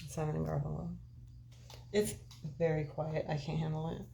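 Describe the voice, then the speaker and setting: Rambling, blunt woman livestreamer, lower voice. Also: level tone, moderate pace, creaky, mellow, slight background noise. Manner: rambling, candid and profane, talking straight to viewers. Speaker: livestream host chatting with viewers. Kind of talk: casual chat.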